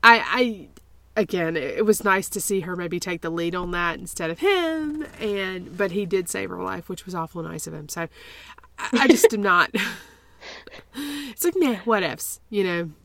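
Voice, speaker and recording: A woman's voice: fairly low pitch, animated, moderate pace, creaky, a bit bright. A woman co-hosting a podcast in casual chat, often hesitant and repeating her words as she thinks aloud. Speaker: podcast co-host.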